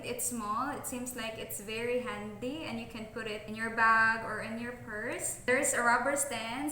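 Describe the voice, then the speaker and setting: A woman's voice: a little high, sharp tone, slight background noise. A woman reviewing a product as she unboxes it, explaining each step in plain words. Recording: echoey room with faint ambience.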